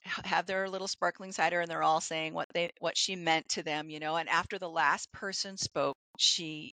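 Woman, hospice nurse, casual storytelling, low voice, dry recording. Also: fairly even intonation, normal speed, bright, forceful tone, no echo, low-quality recording.

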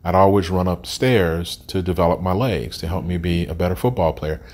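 A man's voice: deep voice, fairly quick, darkish tone, a little hiss or hum. A man in his sixties telling his life story as an interview guest, candid and plain-spoken with frequent ums and restarts. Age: 60s.

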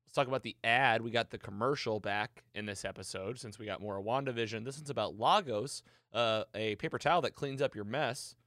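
A man hosting a podcast, retelling a TV episode in casual, excited chat. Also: mid-range voice, brisk, hardly any pauses, no echo, clean studio sound. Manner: excited, animated storytelling. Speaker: podcast host recapping a TV episode.

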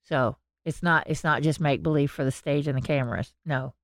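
A woman co-hosting a podcast, retelling stories with animated quoted voices. Her voice sits a little low for a woman. The sound is dry and close to the mic. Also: fairly quick, no room sound. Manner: animated storytelling, acting out quotes. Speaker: podcast co-host. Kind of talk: casual podcast chat.

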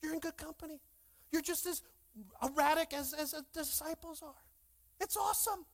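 A young man preaching a lively sermon as pastor, calling out to his congregation in church. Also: very high-pitched, moderate pace, vocal fry. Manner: animated, calls out to congregation.

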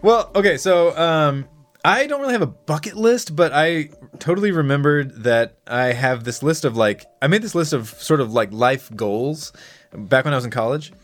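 A man's voice: fairly high pitch, lively intonation, moderate pace, faint music behind. A man in his thirties hosting a casual chat, often laughing and steering the conversation. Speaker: podcast host.

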